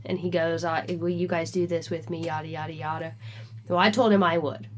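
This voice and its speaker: A woman co-hosting a podcast, telling a story in a casual, animated way and acting out the dialogue. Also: deep voice, a little fast, a little hiss or hum. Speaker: podcast co-host.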